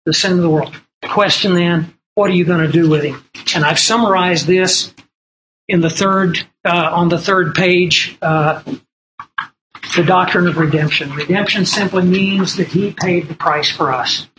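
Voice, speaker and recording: A man's voice: sits high, fairly even intonation, measured pace, fairly bright tone, slight background noise, rough recording. A man preaching a sermon from printed notes, earnest and emphatic, repeating key lines and telling stories.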